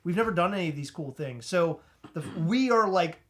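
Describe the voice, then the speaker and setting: A man co-hosting a podcast, telling a comedic story in an animated, excitable way, stumbling over restarts and shouting out retold lines. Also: high-pitched, fairly quick. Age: adult with a child. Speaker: podcast co-host.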